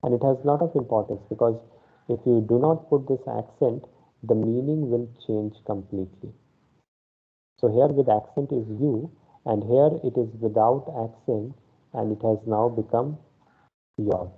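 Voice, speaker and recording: Male teacher, patient step-by-step explainer, husky, tinny video-call line. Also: medium pitch, measured pace. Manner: explains step by step, often says okay. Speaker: Spanish teacher. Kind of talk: online class lecture. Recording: phone-like online class audio.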